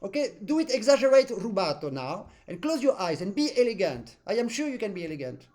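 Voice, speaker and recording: A man coaching an accordion student in a lesson, a native French speaker talking in animated, non-native English and humming musical phrases. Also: high-pitched, fast. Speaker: accordion teacher. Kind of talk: masterclass coaching.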